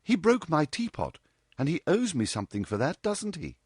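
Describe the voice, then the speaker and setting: A cheeky, outspoken young woman in a read-aloud storybook chatters with mock drama, as a male narrator puts her on. Her voice sits high and swings freely. The sound is dry. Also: wildly swooping pitch, normal speed, darkish tone, slightly rough, no room sound, full character voice. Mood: teasing.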